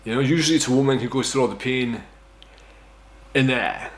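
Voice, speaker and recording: With a brisk, mid-range voice, this vlogger from Scotland, a man in his thirties, recounts a personal story casually. His telling is rambling, profane and self-deprecating, with lots of "right?" tags.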